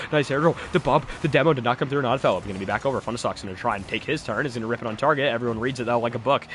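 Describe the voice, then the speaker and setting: A young man casting a live esports match, calling the play rapidly with joking asides. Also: medium pitch, fairly bright tone, a little hiss or hum. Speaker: esports caster.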